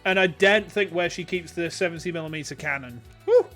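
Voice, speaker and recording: A man's voice: on the high side, brisk, pushed and bright, faint music behind. A man streaming a game in casual chat, joking, swearing and laughing often.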